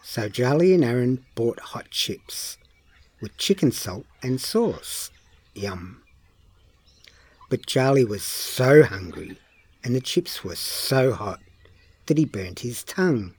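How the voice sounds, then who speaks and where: A man reads a children's story at an unhurried, gentle pace. His pitch rises and falls with a lively lilt, and his voice has a husky edge. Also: no room sound. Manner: slow, lively storybook delivery. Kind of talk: children's story read-aloud.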